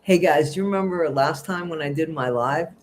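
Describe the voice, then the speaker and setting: A man's voice: fairly high pitch, a little fast, slight background noise. A middle-aged man hosts a casual livestream, reading out viewer comments and gossiping in a rambling, chatty way. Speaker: livestream host.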